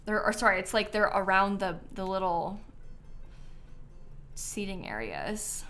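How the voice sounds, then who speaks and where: A woman's voice: mid-range voice, big pitch swings, a little slow, fairly bright tone, soft background music. A young woman streaming a game, thinking aloud in casual chat, hesitant and full of ums.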